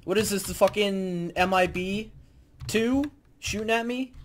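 A man's voice: high-pitched, unhurried, slight background noise. A man streaming a game, chatting casually and yelping when startled. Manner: excitable, yelps and shouts when surprised. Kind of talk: casual gaming banter.

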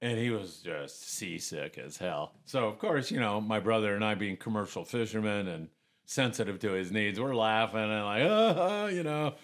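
A man's voice: fairly low pitch, normal speed. An older man, a retired commercial fisherman, telling stories in a casual podcast chat and acting out other people's lines. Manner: animated storyteller, acts out others' lines in raised voices.

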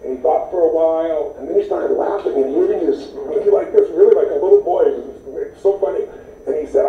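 A man's voice: fairly high pitch, quick pace. A man from the United States, an interview guest telling stories in an enthusiastic, emphatic way. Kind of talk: animated storytelling. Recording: tinny, echoey, distant sound.

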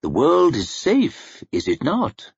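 A man voicing an arrogant, ruthless old male wizard who speaks in a haughty, measured, menacing way. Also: fairly high pitch, wildly swooping pitch, gravelly, slightly rough, dry recording, pitched above the performer's own voice, heavily acted. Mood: defiant. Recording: dry muffled recording.

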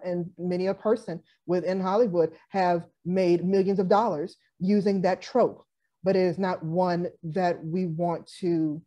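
A woman's voice: fairly low pitch, warm tone. A woman hosting a casual panel discussion, talking frankly and repeating her key points for emphasis. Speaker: panel host.

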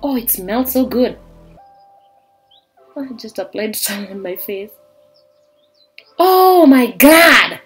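A young woman from Kenya excitedly unboxing a beauty subscription box in a vlog, gushing and exclaiming as she goes. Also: mid-range voice, unhurried, long pauses. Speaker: beauty vlogger. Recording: faint background music.

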